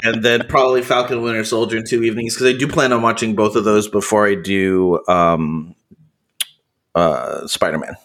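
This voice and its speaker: A man's voice: lowish voice, fairly even intonation, moderate pace, a bit bright. Easygoing man in casual podcast chat. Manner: easygoing, chatty, trails off mid-thought. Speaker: podcast co-host.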